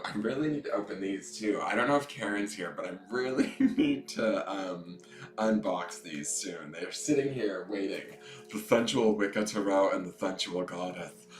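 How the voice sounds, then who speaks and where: A man's voice: on the low side, a bit bright, echoey room. A man hosting a casual tarot live stream, chatting in a playful, campy way and greeting viewers by name. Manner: playful, campy, joking asides. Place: indoors at home.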